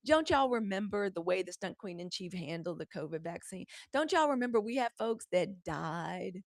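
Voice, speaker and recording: A woman runs a live news commentary show and riffs casually to her viewers. Her talk is blunt, exasperated and salted with profanity. Her voice sits at a middle pitch and sounds dry and close, with little room echo. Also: expressive, moderate pace. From United States.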